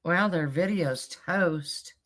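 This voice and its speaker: An older woman chatting casually, telling animated stories and acting out her own reactions with lots of exclamations. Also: on the low side, takes it slowly. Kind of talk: casual chat.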